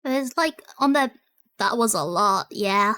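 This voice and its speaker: A woman streamer chats casually as she reacts to videos, excitable and giggly, often trailing off and repeating herself. Her voice is medium in pitch and her pace unhurried.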